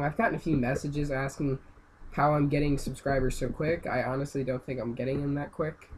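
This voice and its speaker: A young man giving casual gameplay commentary, rambling and then yelling and ranting at the game. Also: medium pitch, fairly even intonation, a little fast. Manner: rambling, yells and rants at the game. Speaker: gaming channel host. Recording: noisy amateur home recording.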